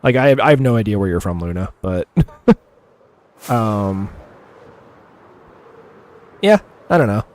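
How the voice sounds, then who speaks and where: A man streaming a game live, chatting casually with viewers and rambling with lots of fillers and quick chuckles. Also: lowish voice, expressive. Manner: chats with viewers while playing. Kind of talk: casual gameplay commentary.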